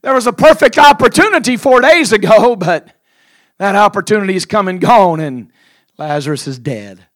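A man putting on a loud, scolding Martha. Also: high voice, lively intonation, moderate pace, voice pushed up. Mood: grieving. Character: grieving woman Martha, loud and reproachful.

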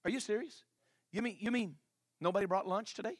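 A man's voice: sits high, brisk, no echo, clean studio sound, voice pushed up. A preacher acting out a bickering male disciple who stammers out indignant questions. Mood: exasperated.

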